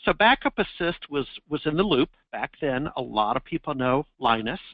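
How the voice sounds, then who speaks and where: A man's voice: mid-range voice, lively intonation, moderate pace, dry recording, dull audio. Folksy man hosting a webinar. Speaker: webinar host.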